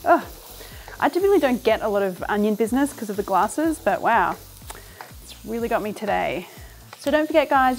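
A woman's voice: fairly high pitch, darkish tone. A woman in her thirties hosting a cooking show from her home kitchen. She talks casually and enthusiastically through the recipe and laughs often.

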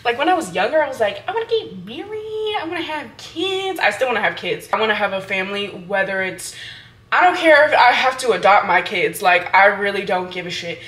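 A woman's voice: medium pitch, expressive, brisk, a bit bright. Chatty young woman vlogger, lots of fillers. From Hawaii. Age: 20s. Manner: chatty, filler-heavy, frank with casual swearing. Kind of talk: casual chat to camera.

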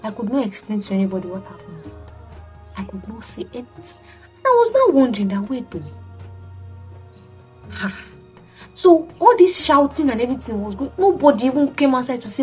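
Young teacher lady telling a wild story on her vlog, loud exclamations, faint music behind. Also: fairly high pitch, moderate pace, long pauses. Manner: animated and dramatic, acting out quotes with many exclamations. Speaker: teacher and vlogger.

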